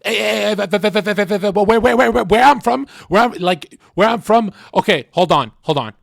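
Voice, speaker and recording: A frantic male streamer stammers and repeats himself at full volume, as a man puts him on. The voice sits a little high with a gravelly rasp. The sound is close and dry. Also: normal speed, no echo, full character voice.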